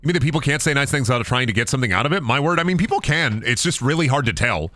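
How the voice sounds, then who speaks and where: Young guy streaming, super animated voice, bright, rambling stories and doing little quotes. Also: medium pitch, very fast, no echo. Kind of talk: casual chat while gaming.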